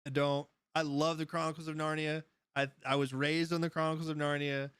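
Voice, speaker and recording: A man's voice: fairly high pitch, flat delivery, a little fast, a bit bright, smooth, dry recording. A man hosting a casual live stream, rambling through stories, laughing often as he goes and answering his chat. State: high. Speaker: livestream host.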